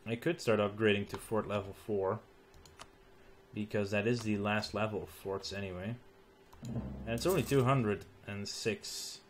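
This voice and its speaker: Tired male let's play host, lowish voice, thinks out loud with ums over a soft hiss. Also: fairly even intonation. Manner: musing aloud, halting with ums and restarts. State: tired, recording late at night. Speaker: gaming channel host.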